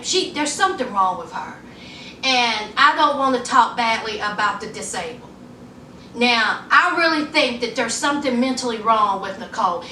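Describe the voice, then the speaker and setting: A woman recaps a reality show in a sassy, chatty vlog, talking straight to her viewers with plenty of y'all and honey. Her voice sits high and bright. She is recorded from a little way off in an echoey room with faint noise behind her. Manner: acts out quoted people in a higher voice. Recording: echoey room, mic at a distance.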